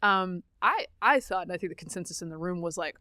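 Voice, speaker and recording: A woman co-hosting a podcast in casual chat, giving quick, opinionated takes on commercials and politics. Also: fairly low pitch, animated, sharp tone, no room sound, clean studio sound. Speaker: podcast co-host.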